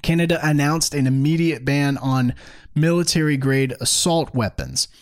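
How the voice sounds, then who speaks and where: A man with a fairly high voice delivers opinionated commentary as a host. He sounds sarcastic and mocking and keeps an emphatic, animated push behind his points. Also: moderate pace.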